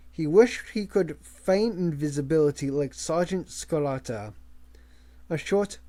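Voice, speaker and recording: A man reading a novel aloud as an amateur audiobook narrator, measured, with small slips and restarts. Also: fairly high pitch, warm tone. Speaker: audiobook reader.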